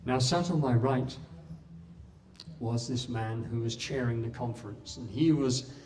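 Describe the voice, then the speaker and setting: A man's voice: mid-range voice, darkish tone, far from the mic, slight background noise. Impassioned man telling a story. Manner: impassioned, with dramatic pauses. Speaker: speaker at a talk. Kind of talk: storytelling speech.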